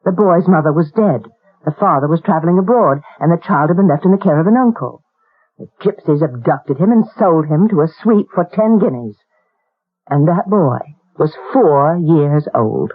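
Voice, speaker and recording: An actress playing a practical, matter-of-fact woman in a 1970s radio drama, speaking briskly. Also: deep voice, animated, husky. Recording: tinny old radio broadcast.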